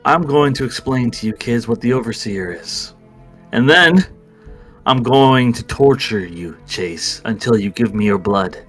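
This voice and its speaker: Man putting on a smug playful villain, calm taunting tone, theatrical, faint music behind. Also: mid-range voice, unhurried, low-quality recording.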